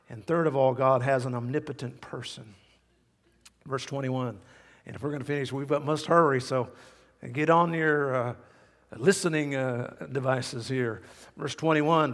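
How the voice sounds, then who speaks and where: An older male pastor preaching a sermon in an animated, exclamatory way with folksy asides. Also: medium pitch, a little slow. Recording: echoey hall reverb.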